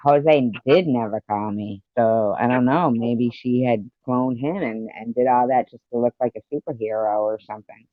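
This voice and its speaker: A woman's voice: very deep voice, moderate pace, hardly any pauses, no room sound. A woman chatting casually on her live stream, teasing, laughing often and swearing freely. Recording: dull, dry lo-fi stream audio.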